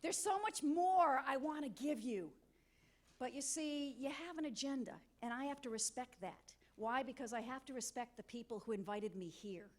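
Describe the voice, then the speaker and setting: A middle-aged woman giving an energetic, interactive motivational talk at a conference, coaxing volunteers from the audience. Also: sits high, normal speed. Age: middle-aged or older. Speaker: conference keynote speaker. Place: conference hall.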